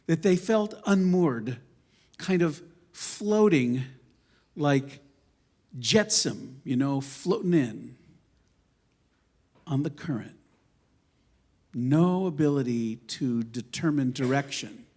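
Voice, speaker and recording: A man's voice: mid-range voice, animated, takes it slowly, long pauses. Male rabbi, sermon in a synagogue; emphatic, wide-ranging delivery, wry storytelling. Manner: impassioned, emphatic, swinging between loud declarations and quiet asides; conversational storytelling with self-deprecating humor. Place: synagogue sanctuary.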